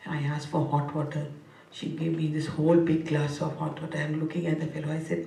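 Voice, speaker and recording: A woman's voice: low-pitched, little pitch movement, a little fast, vocal fry, warm tone. A woman gives a spiritual talk, chatty and playful, laughing often and repeating words rhythmically. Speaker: spiritual teacher. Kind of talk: spiritual discourse with humor. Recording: echoey hall, mic at a distance.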